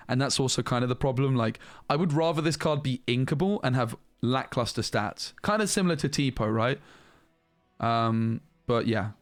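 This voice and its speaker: A man giving casual, animated commentary as he reviews trading cards, thinking aloud and restarting sentences as he goes. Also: mid-range voice, no echo. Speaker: card game reviewer.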